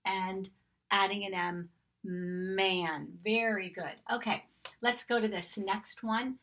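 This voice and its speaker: Speaking slowly in a steady, fairly bright, medium-pitched voice, a woman who teaches kindergarten leads young children through phonics. She sounds out letters and vowels with patience and showers them with frequent, encouraging praise.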